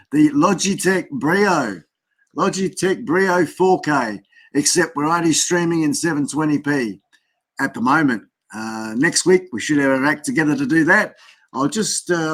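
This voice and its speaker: Chatty Australian man, fairly high voice. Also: fairly bright tone. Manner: chatty, rambling, talks to himself while fiddling with gear. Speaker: livestream host. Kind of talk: casual live stream chat.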